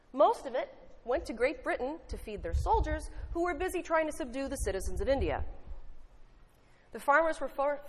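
A woman giving a sermon, mixing a folksy story with earnest teaching and wry asides. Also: high voice. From United States. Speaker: lay preacher. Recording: long hall reverb.

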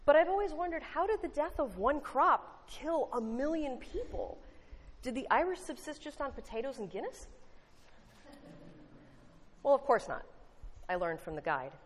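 A woman's voice: high voice, very animated, moderate pace, pauses often. A woman giving a sermon, mixing a folksy story with earnest teaching and wry asides. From United States. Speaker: lay preacher. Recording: long hall reverb.

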